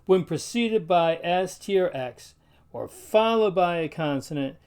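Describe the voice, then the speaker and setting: Male Latin teacher, fairly high voice, careful delivery, slow spelled-out examples. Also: lively intonation, a little mellow, clean tone. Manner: careful, slowly sounds out example words. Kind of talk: instructional video narration.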